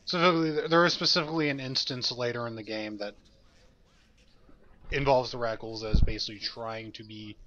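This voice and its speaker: Man, bright and forceful tone, sarcastic sidekick in a let's play, muffled lo-fi sound. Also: medium pitch, steady tone, brisk. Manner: wisecracking, dry sarcasm. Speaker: co-commentator. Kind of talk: casual gameplay banter. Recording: dull lo-fi recording.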